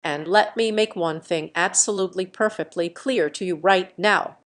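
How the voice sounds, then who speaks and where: A woman's voice: lowish voice, moderate pace, lightly acted. A woman voicing a haughty, contemptuous mother who talks down in a cold, condescending way.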